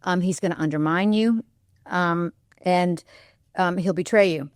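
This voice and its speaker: A woman's voice: fairly low pitch, a little slow, clear, resonant tone, dry recording, clean studio sound. A woman historian speaking as a guest on a radio interview, thoughtful and candid, often weighing her views with "I think.". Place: radio studio.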